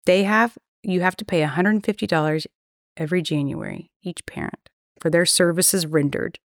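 A woman's voice: fairly low pitch, moderate pace, dry recording, clean studio sound. Candid woman telling a wild story. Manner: candid, profane, acts out quoted dialogue. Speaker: podcast guest. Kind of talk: casual storytelling.

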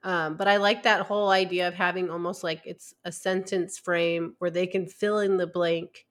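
A woman's voice: fairly low pitch, little pitch movement. A woman hosting a podcast conversation, affirming her guests and asking follow-up questions. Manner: warmly affirming, quick agreement. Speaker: podcast host.

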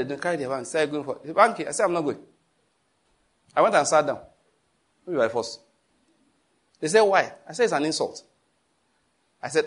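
Male pastor, raised pitch, breathy, emphatic storytelling sermon. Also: animated, a little fast, pauses often, a bit bright. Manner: emphatic, repeats phrases, acts out stories.

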